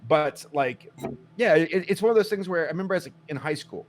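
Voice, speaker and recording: Animated man on a casual podcast. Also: a little high, a little fast, a little hiss or hum. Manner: animated storyteller, acts out quotes, swears. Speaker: podcast co-host. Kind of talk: casual chat.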